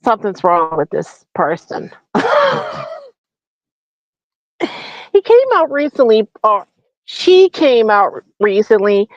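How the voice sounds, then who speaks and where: Woman host, comedic rant; sneering, profane, slow delivery, dull lo-fi sound. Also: medium pitch, big pitch swings, no echo. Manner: mocking, profane, full of rhetorical questions. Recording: dull lo-fi recording.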